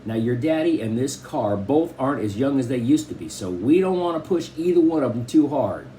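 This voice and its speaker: A man's voice: mid-range voice, animated, a little fast, dark tone, a little hiss or hum, natural voice, low-quality recording. A man voicing a careful mother who explains a trip plan step by step. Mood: planning. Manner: matter-of-fact, explaining step by step.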